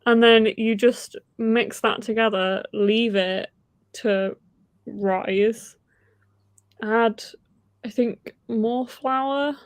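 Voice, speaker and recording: A woman hosting a casual reading stream, talking in a chatty, excitable way with frequent giggles. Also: mid-range voice, dry recording. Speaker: host of a reading sprint stream. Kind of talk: casual livestream chat.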